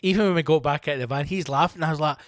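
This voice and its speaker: Swearing comedian telling a story. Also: male voice, fairly high pitch, rapid-fire, no echo, studio quality, soft background music. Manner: profane, animated, self-mocking, acts out quotes. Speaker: comedian host. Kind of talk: comic storytelling monologue.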